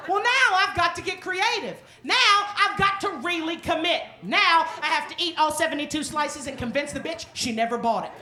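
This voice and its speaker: Brief: woman stand-up comic, very high voice, crude and brash, live club recording with a laughing crowd. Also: moderate pace, few pauses. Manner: brash, crude, animated storytelling. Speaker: stand-up comedian. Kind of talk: stand-up set. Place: comedy club stage. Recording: echoey club with loud crowd and noise.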